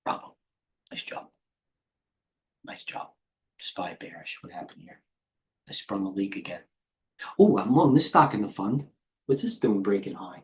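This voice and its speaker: A man's voice: deep voice, sing-song, measured pace, long pauses. Brash man hosting a trading stream. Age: 50s. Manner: brash, rambling, swears, reads chat aloud. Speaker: live trading stream host. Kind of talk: casual live market commentary.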